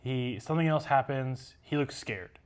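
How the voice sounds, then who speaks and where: A man hosting a podcast in casual chat, rambling and animated as he talks straight to viewers. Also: mid-range voice, normal speed, smooth. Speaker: podcast host.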